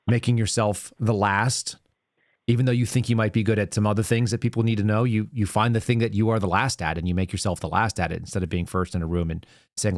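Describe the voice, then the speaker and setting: A man's voice: lowish voice, no room sound, clean studio sound. A man hosting a call-in show, giving earnest advice in casual chat and walking through examples step by step.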